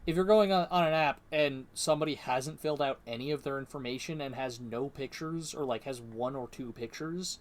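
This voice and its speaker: A man's voice: medium pitch, a little fast, hardly any pauses. A man with a Midwestern US accent in casual podcast chat, rambling with fillers and swearing freely. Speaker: podcast co-host.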